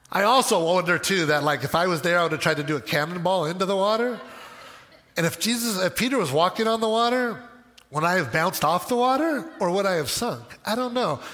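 A male pastor preaching a sermon in an animated way, with joking asides. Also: sits high, big-room sound.

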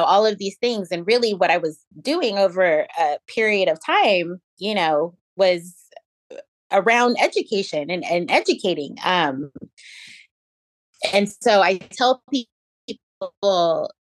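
A woman speaks as an interview guest at a middle pitch. She tells her stories reflectively and often pauses on fillers and restarts. Her voice sounds dry and close, with almost no room sound. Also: no echo. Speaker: interview guest, education equity director. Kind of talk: conversational storytelling in an interview.

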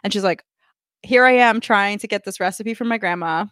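A woman co-hosting a podcast in casual chat, telling lively anecdotes and acting out what people said. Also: medium pitch, brisk, dry recording, clean studio sound. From United States. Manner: animated storyteller, acts out quotes with laughs. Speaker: podcast co-host.

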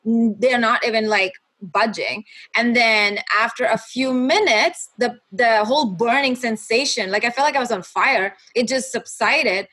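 A young woman with a fairly high voice tells her personal faith testimony. She speaks earnestly and haltingly, often restarting her sentences as she works through painful memories. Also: pushed and bright, breathy edge. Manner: halting, with many restarts and fillers. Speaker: guest sharing her testimony.

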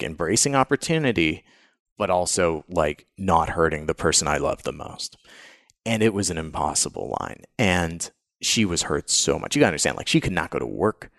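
Gravelly low-voiced man telling a story. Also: dry recording, clean studio sound. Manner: animated, candid, swears freely, acts out quoted voices. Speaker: podcast guest. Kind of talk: storytelling in an interview.

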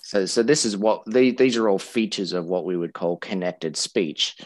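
Low-voiced man explaining with many restarts. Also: moderate pace, dry recording. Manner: explanatory, repeats and restarts words often. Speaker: English teacher. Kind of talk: casual educational podcast chat.

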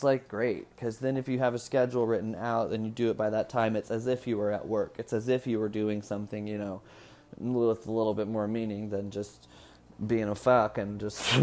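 A man's voice: on the low side, a little mellow. A man in his twenties from Indiana, chatting casually to the camera at home. He rambles from one thing to the next, swearing freely and laughing often. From Indiana, USA. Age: 20s. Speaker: vlogger. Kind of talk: casual chat.

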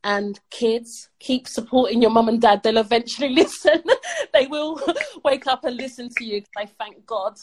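Upbeat woman on a podcast, talks motivational and emphatic, laughs a lot, kinda high voice. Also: moderate pace, a little mellow, poor audio. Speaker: podcast guest. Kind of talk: motivational interview talk.

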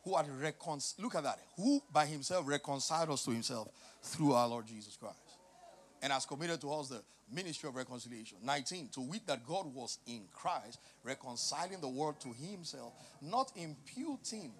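A middle-aged male pastor preaching a sermon, passionate and emphatic, moving from quiet teaching to loud, shouted emphasis. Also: medium pitch, expressive, normal speed.

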